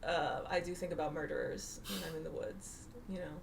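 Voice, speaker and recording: A woman's voice: low voice, fairly quick, vocal fry, a little hiss or hum. A woman from Texas, a comedian guest on a podcast, chatting casually with wry, dry asides and frequent laughter. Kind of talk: casual chat. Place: podcast studio.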